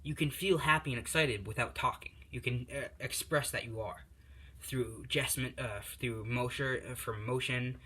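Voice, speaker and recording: A man's voice: mid-range voice, moderate pace, sharp tone, breathy edge. Guy doing a kind old-pro hero talking to a kid, encouraging, pretty plain voice. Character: big, kind veteran male hero, encouraging mentor.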